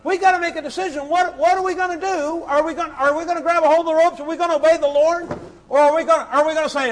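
A man preaching a sermon, impassioned and repetitive, swinging between shouts and hushed pleading. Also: very high voice, fairly even intonation, very fast, poor audio. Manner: sings hymn lines briefly.

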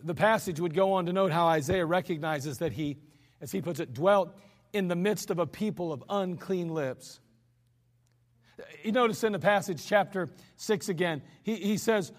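A man preaches in a church sanctuary at normal speed, his high-pitched voice carrying an earnest, conversational sermon with humorous asides. He is the pastor, and the archived service recording has long hall reverb.

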